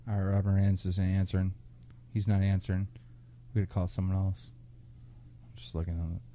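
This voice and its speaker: A man co-hosting a casual podcast, a bit tipsy, loud and laughing, telling stories with crude language. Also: deep voice, little pitch movement, fast talker. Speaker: podcast co-host. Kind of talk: casual drunk podcast chat.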